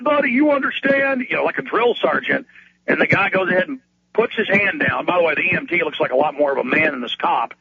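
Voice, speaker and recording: A man's voice: high-pitched, gravelly, sharp tone, slightly rough. A male radio talk show host delivering a heated, ranting monologue, stumbling over and repeating words as he gets worked up. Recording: dull lo-fi radio recording.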